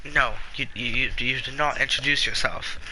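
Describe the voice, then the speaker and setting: A man's voice: mid-range voice, fairly even intonation, normal speed, bright, forceful tone. Man playing a haughty female orc queen, dry, cutting, tabletop game role, noisy mic.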